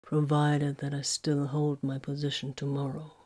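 A woman reading the lines of a calm male space marine commander in an audiobook, quiet and dry. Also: sits low, moderate pace.

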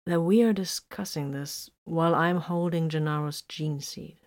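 A woman's voice: deep voice, moderate pace. Woman doing a proud young soldier guy, firm and plain, storybook read. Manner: firm, matter-of-fact.

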